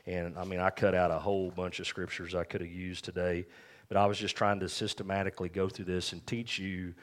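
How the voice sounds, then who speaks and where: A male pastor preaching a sermon in a conversational way, often checking in with the congregation. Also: deep voice. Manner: conversational preaching, frequent "all right?" check-ins.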